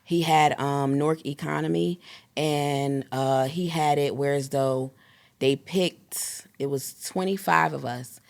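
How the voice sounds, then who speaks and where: A woman in her thirties, a guest in an interview, talking in a rambling, animated way and acting out quoted dialogue. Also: deep voice, takes it slowly, vocal fry. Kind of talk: casual interview storytelling.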